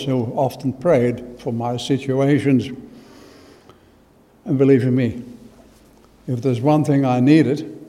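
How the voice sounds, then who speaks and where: A man with an Australian accent preaching a sermon in church and telling a personal story. He stresses words with force, then drops to hushed asides. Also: mid-range voice, big-room sound. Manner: emphatic, swings from loud stress to hushed asides.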